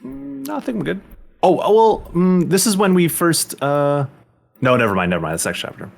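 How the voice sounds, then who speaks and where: Lively-voiced man in hesitant chat. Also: fairly high pitch, moderate pace, creaky, faint music behind. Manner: hesitant, restarts a lot, lively intonation. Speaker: podcast co-host. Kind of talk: casual game discussion.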